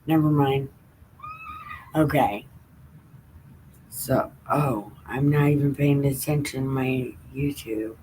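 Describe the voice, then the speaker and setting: A woman's voice: very deep voice, slow, long pauses, dark tone, slight background noise, rough recording. A woman hosting a casual home livestream, reading scripture aloud in a laid-back, irreverent way with laughs and casual swearing. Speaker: livestream host reading the Bible.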